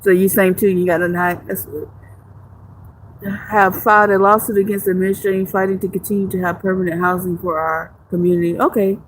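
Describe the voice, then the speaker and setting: A woman's voice: mid-range voice, level tone, fast, slight background noise. A woman live streamer chatting casually with viewers, joking and swearing freely, rambling with frequent restarts. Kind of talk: casual livestream chat reading viewer comments.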